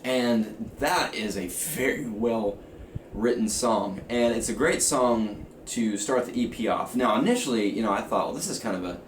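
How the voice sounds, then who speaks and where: A young man in his twenties rambling through a casual video review, full of fillers and restarts, his voice a little rough from just waking up. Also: medium pitch, unhurried. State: slightly rough, just woke up. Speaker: music reviewer. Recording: roomy, faint ambient noise.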